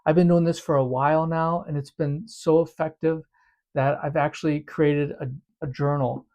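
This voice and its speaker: A man's voice: on the high side, little pitch movement, moderate pace, darkish tone. A man teaching a devotional method in a casual, earnest way, often repeating words as he explains.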